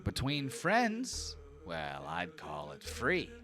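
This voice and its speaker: A sly little gnome with a high, needling voice, folksy and pushy as he angles for payment, as a man puts him on. He is a small wiry fellow who sounds grasping and never lets a point drop. The pitch sits well above a normal man's. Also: wildly swooping pitch, slow, pushed and bright, soft background music, heavily acted.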